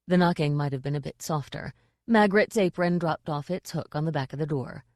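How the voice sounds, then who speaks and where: A woman's voice: low voice, fairly quick, a little mellow, no echo, clean studio sound. A woman reading a fantasy novel aloud as audiobook narrator. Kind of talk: scripted narration.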